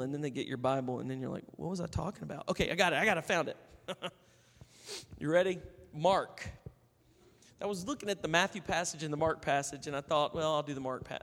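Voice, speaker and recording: Guy preaching casual, kinda high voice, acts out his stories, big echoey hall. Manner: conversational and animated, acting out stories. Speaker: pastor. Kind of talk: sermon.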